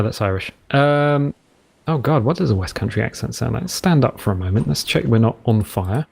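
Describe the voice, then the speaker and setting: A British man talks over his gameplay in a loose, joking ramble, now and then dropping into a silly pirate voice. His voice is a little husky, and his pitch swings lively up and down. He speaks into a headset. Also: moderate pace. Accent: English. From Britain. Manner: rambling, playful, slips into mock pirate talk. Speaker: gameplay commentator. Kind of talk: casual let's-play commentary.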